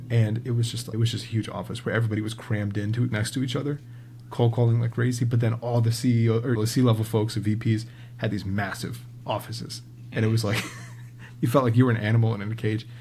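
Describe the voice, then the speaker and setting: A man guest on a podcast, telling a casual, animated story and swearing freely. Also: medium pitch, vocal fry, slight background noise. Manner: animated, swears freely, acts out quoted people.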